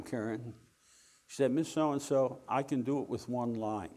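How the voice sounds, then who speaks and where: An older man tells a story to an audience in a wry, animated way, slipping into the back-and-forth of the dialogue. His pitch sits in an ordinary middle range for a man. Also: normal speed. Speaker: speaker telling a story to an audience. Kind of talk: anecdotal storytelling talk.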